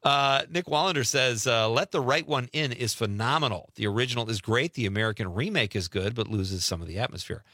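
A man's voice: mid-range voice, fairly quick, hardly any pauses, bright, forceful tone, no echo, studio quality. A middle-aged man from Wisconsin hosting a call-in radio show, chatting casually and laughing often as he reads out listener messages.

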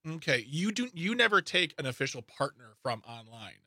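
Guy with a bright kinda high voice reading headlines off a page, tripping on words, dry close sound. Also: very animated, a little fast, no echo. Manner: reads news items aloud with asides and stumbles. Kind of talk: casual podcast chat.

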